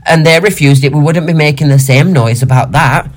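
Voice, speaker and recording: A man co-hosting a podcast, ranting in an indignant, animated, sweary way. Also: fairly high pitch, brisk. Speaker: podcast co-host. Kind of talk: casual chat rant.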